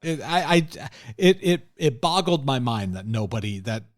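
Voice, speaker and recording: A male podcast co-host recapping a TV episode in casual chat, brisk and laughing often. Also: mid-range voice, very animated, no echo, studio quality. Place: room shared with co-host.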